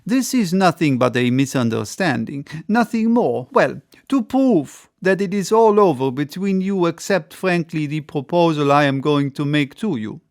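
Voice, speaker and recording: A man voicing a lively, persuasive French adventurer in an audiobook, eager and coaxing. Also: a little high, moderate pace, few pauses.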